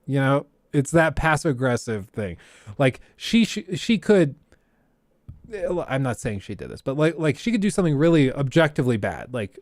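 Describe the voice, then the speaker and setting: A man's voice: a little high, very animated, moderate pace, no room sound, studio quality. A man hosting a livestream, giving blunt, ranting commentary in a casual way. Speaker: livestream host.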